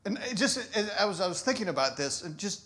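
A man with a notably high-pitched voice delivers a sermon in a loose, conversational way. He laughs often and breaks off mid-thought to start sentences over. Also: sing-song, fast talker, a bit bright. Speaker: pastor.

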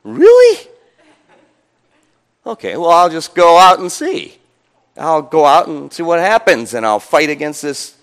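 Male preacher, fairly high voice, very lively intonation, chatty sermon storytelling, frequent chuckles. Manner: animated, chuckling often, conversational. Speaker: pastor.

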